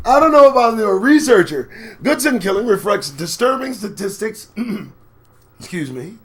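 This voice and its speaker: An expressive, unhurried man hosts a live commentary program full of sarcasm and swearing. He moves from muttering under his breath to sudden yells.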